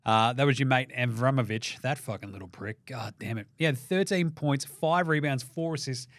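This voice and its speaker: A man with an Australian accent hosting a basketball show, ranting sarcastically and swearing, dropping to mutters and then flaring into loud outbursts. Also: medium pitch, normal speed, no echo, clean studio sound. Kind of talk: profane sports commentary rant.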